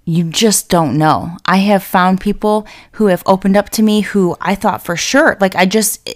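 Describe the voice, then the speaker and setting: A woman's voice: mid-range voice, steady tone, unhurried, a little mellow. A young woman hosting a podcast who vents in a casual, blunt and profane monologue, getting fired up as she talks. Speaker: podcast host.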